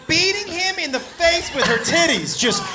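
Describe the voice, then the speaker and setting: A man doing stand-up comedy, telling a story in an excitable, profane, animated way. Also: extremely high pitch, moderate pace, over loud music. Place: comedy club stage. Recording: live club, loud crowd and noise. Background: audience laughter and noise.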